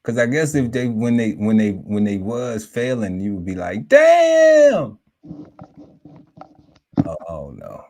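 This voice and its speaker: A man hosting a casual podcast panel. He slowly reads through lists of words, musing aloud and breaking into laughter now and then. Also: lowish voice, darkish tone. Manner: slow, musing list-reading broken by laughter and asides.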